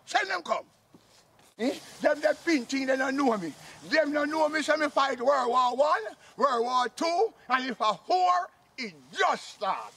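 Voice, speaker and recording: A man's voice: very high-pitched, bright, forceful tone, full character voice. A man playing a boastful old Jamaican uncle and former soldier, blustering and scolding in a comic sketch. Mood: scolding goat.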